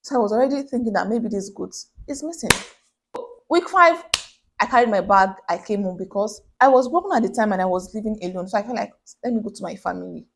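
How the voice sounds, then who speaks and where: A woman's voice: medium pitch, fairly quick, a little hiss or hum. A young woman with a Nigerian accent, a small business owner telling a personal story in a vlog and acting out the voices of the people in it. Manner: animated storyteller who acts out quoted voices.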